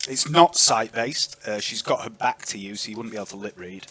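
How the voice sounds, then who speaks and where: A man narrating as game master of a tabletop game, chatty and lively, on an online voice call. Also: lowish voice, brisk, slightly rough. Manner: lively, chatty, filler-heavy.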